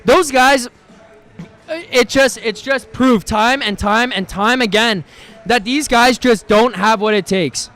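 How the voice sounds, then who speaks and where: A man's voice: very high-pitched, takes it slowly, a bit bright. A man hosting a live post-game reaction stream, ranting in a heated, profane, exasperated way, often stumbling over his words as he restarts.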